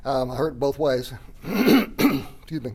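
A man preaching a sermon, explaining a passage in a relaxed, conversational way and often clearing his throat. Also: mid-range voice, slow. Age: 30s or older. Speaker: pastor. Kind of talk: sermon teaching.

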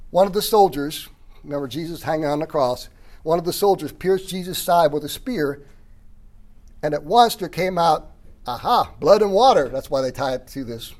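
A man preaching a sermon, explaining a passage in a relaxed, conversational way and often clearing his throat. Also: on the high side, moderate pace. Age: 30s or older. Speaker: pastor. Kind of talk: sermon teaching.

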